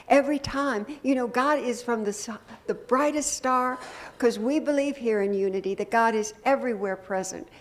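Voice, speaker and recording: An older woman minister preaching a sermon to her congregation, conversational and gently humorous, often asking the room questions. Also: fairly high pitch. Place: church sanctuary.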